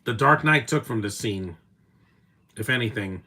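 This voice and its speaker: A man in his thirties talks over a movie in a relaxed, casual way. His voice sits a little low, and he rambles with opinions, fillers and restarts. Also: measured pace. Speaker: movie commentator. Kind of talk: casual live watch-along commentary.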